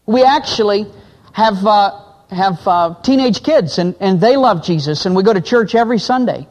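Man, sermon storytelling, high voice, long reverb, dips low for quoted men. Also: animated, moderate pace, darkish tone. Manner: acts out quoted voices, drops low for men's lines. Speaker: pastor.

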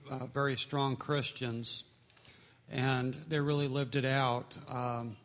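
A man sharing his testimony at a slow, measured pace, full of pauses and fillers. His voice stays level at a middle pitch. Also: flat delivery, fairly bright tone. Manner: measured, hesitant with many fillers. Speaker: church member sharing a testimony. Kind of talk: personal testimony.

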